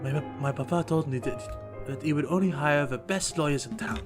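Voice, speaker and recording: A man's voice: on the high side, normal speed, natural voice. A man voicing a polite young French noblewoman in a video game, with a put-on French accent and an airy, genteel manner. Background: game music.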